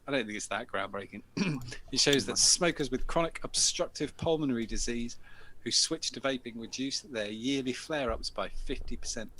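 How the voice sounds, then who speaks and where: A man's voice: medium pitch, a bit bright. A British man hosting a show, chatting in a casual, sweary way and laughing as he tells stories and reads news items. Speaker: host. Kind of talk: casual banter and reading news.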